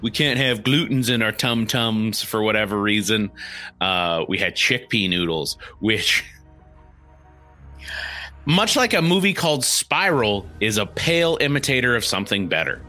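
A man's voice: lowish voice, measured pace, soft background music. A man co-hosting a podcast in casual chat, joking and rambling. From small town. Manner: jokey, animated, rambling. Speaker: podcast co-host.

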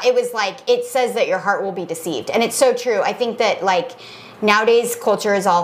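A woman's voice: medium pitch, normal speed. A woman co-hosting a podcast, talking earnestly and with opinions, filling her speech with "like". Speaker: podcast co-host. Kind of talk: casual chat.

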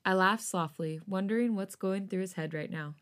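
A woman co-hosting a podcast, reading fan fiction aloud in a soft voice and breaking off into loud, laughing, flustered chat. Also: medium pitch, normal speed.

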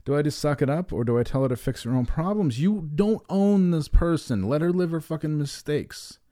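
Male podcast co-host; mellow, relaxed timbre, jokey and a bit crude. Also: a little high, fast talker, dry recording, studio quality. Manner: joking, profane, rambling. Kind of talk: casual podcast banter.

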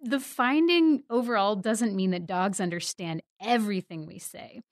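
A woman editor for a news site, explaining science stories in a clear, lightly humorous way. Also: mid-range voice, moderate pace, no room sound, clean studio sound.

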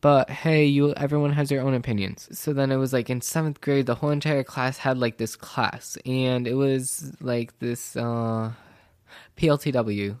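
A man's voice: mid-range voice, steady tone, moderate pace, darkish tone, no room sound, studio quality. A teenage boy casually telling a rambling school story, acting out what everyone said with "I was like.". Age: teens. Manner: rambling, quotes people with "I was like"; self-described sensitive. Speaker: vlogger.

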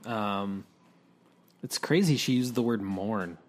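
A man's voice: lowish voice, a little slow, darkish tone. A man co-hosting a podcast, giving blunt opinions in casual chat and often restarting his sentences. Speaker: podcast co-host.

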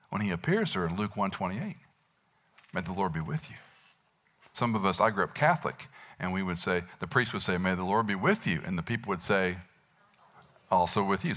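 A man's voice: deep voice, fairly bright tone. A man in his sixties preaching a sermon, telling a Bible story and acting out the quotes with animation. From United States. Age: 60s. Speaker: pastor.

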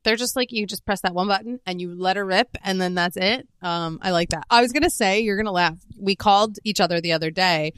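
A young woman in easy podcast chat, with a smooth, clear voice and a dry, close sound. She tells stories loosely, curses casually and acts out the voices of the people in them. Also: mid-range voice, fairly quick, hardly any pauses, a bit bright, no room sound. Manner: swearing, storytelling, acts out quotes. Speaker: podcast co-host.

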